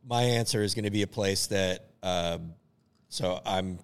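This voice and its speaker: A man co-hosting a podcast, chatting casually with quick, opinionated asides and jokes. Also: low-pitched, clear, resonant tone. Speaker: podcast co-host. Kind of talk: casual chat.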